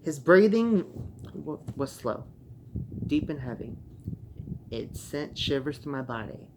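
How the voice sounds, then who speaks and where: A young man reading a creepy internet horror story aloud, casual, with sweary excited asides and stumbling restarts. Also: on the high side, slow pace, background noise. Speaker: story narrator.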